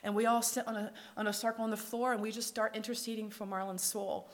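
A woman telling a personal faith testimony as a lively storyteller, acting out the dialogue and dropping to a whisper at tender moments. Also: medium pitch, quick pace. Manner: lively storyteller who acts out quoted dialogue. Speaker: speaker sharing her faith testimony.

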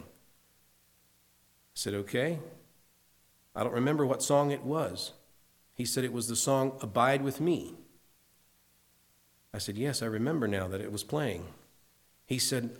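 A man preaching in an earnest, conversational way, telling a personal story and slowing down to stress a point. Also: mid-range voice. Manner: earnest, conversational, slows for emphasis. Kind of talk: sermon storytelling.

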